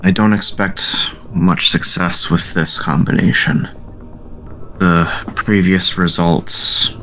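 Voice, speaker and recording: A man voicing a reserved young male vampire researcher who speaks in a formal, measured, dry way. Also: sits low, a bit bright, full character voice.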